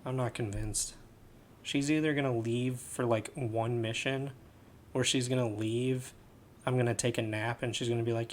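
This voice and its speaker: A man's voice: mid-range voice, steady tone, normal speed, a little hiss or hum. A man casually commenting while streaming a game, chatty and joking with his chat.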